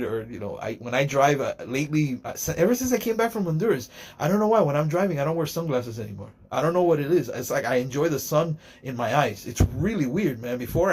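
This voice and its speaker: A man's voice: fairly high pitch, a little mellow. A middle-aged man telling a casual, rambling story in a joking, digressive way. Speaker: podcaster.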